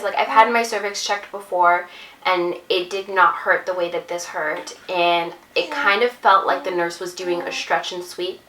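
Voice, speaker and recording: A woman's voice: lowish voice, sharp tone. A woman vlogger earnestly recounting a personal story to her viewers, confiding and direct. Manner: earnest, confiding, addresses viewers as ladies and mamas. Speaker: vlogger and new mother. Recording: roomy echo, distant mic, faint music.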